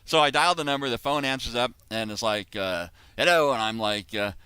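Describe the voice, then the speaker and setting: Bright, crisp American storyteller. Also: male voice, mid-range voice, brisk, no room sound. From United States. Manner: rambling, full of restarts and asides. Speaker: author and host. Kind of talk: casual storytelling chat. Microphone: video call.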